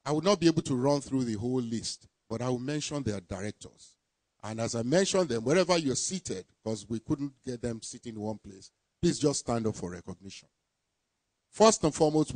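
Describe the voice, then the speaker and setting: A man giving a formal ceremony speech, deliberately reading out names and titles. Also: mid-range voice, darkish tone, dry recording. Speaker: permanent secretary presenting a project team.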